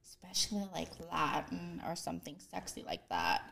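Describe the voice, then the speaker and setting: A relaxed woman chatting as a podcast guest, with a light gravelly fry in her voice. She talks easily and agreeably, dropping fillers as she goes. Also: on the low side, moderate pace. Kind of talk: casual chat.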